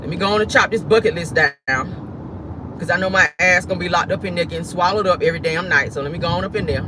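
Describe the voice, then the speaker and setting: A man putting on the voice of a reckless man rushing through fun before prison, fast, carefree and profane. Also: high-pitched, background noise, voice pushed down, natural voice.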